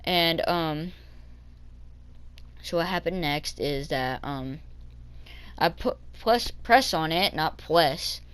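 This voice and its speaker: Give me a slow-talking teenage boy telling a story, hesitant and full of restarts. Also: fairly high pitch, fairly bright tone, smooth. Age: teens. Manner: halting, with many ums and restarts. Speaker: vlogger. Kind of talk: storytime vlog.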